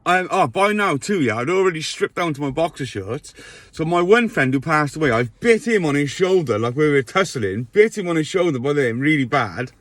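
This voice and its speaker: A man's voice: a little high, animated, normal speed, fairly bright tone, no echo. A man telling a rambling storytime monologue, often checking in with his listener. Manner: rambling, checks in with "right?" tags.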